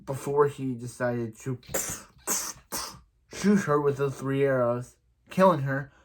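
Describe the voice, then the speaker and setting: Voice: mid-range voice, takes it slowly. Rambling casual show reviewer. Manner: rambling, with many restarts and fillers; acts out quoted lines in other voices. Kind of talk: casual episode recap.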